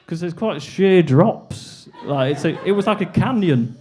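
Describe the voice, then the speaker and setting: A man's voice: high voice, animated, measured pace, warm tone, slight background noise. A young man doing a stand-up comedy set, rambling and self-deprecating, on a club stage with a handheld mic.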